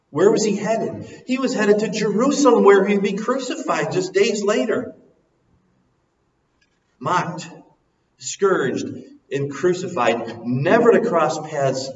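A man preaching a sermon, dropping soft and low, then rising loud and emphatic. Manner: swings from soft and low to loud and soaring, sings a hymn line. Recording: echoey hall, recorded from a distance, muffled.

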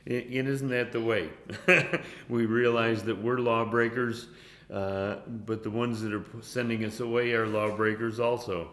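A man teaching a Bible passage casually, halting often and chuckling between points. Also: on the low side, fairly bright tone, reverberant. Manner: halting, with many fillers and chuckles.

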